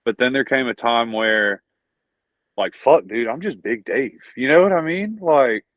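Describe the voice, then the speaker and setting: A pro wrestler with a Southern accent rambles through a casual interview, swearing often and tossing out "dude" and "bro." His mid-range voice is a little slow, with no room sound, on dull, dry lo-fi audio.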